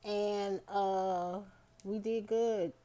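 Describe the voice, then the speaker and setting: A woman's voice: medium pitch, fairly even intonation, drawn-out words, background noise. A woman, chatting casually through her day in a vlog. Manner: chatty, rambling, drawls out words. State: out of breath after a bike ride. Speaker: vlogger.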